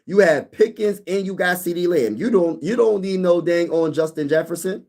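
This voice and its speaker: Animated man hosting a sports live stream. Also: high-pitched, moderate pace. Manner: animated, reads chat comments aloud and banters. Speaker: sports YouTube host. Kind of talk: casual live-stream chat.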